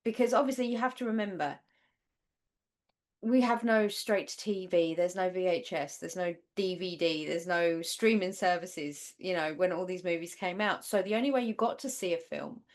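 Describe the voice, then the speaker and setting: A woman's voice: lowish voice, normal speed. Woman co-host, northern English, loose rambling chat about old films. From Northern England. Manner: rambling, conversational, many fillers. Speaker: podcast co-host. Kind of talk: casual chat.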